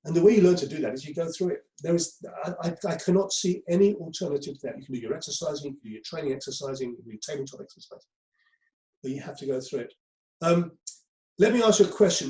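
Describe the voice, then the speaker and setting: Give me a man teaching a group in a roomy, echoing space. His voice sits a little high for a man, and he talks in a loose, conversational way, stumbling over repeated words. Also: fast talker, a little mellow. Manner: conversational, repeats himself, many ums. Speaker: crisis management trainer. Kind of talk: lecture to a group.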